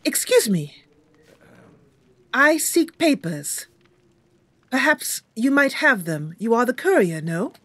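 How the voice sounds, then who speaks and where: A woman's voice: big pitch swings, slow pace, pauses often, fairly bright tone, breathy edge, dry recording, exaggerated voice. A woman voicing a courteous, formal noblewoman adventurer who speaks in an old-fashioned way and shrieks when in danger. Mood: courteous, wheedling. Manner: old-fashioned formal speech, shrill screaming when attacked.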